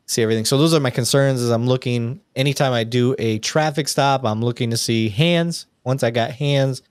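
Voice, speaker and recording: A male police officer hosting a casual livestream, talking in a mid-pitched, conversational way full of ums and self-corrections. The sound is dry and close, with no room echo. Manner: conversational, frequent ums and restarts. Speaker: podcast host, police officer.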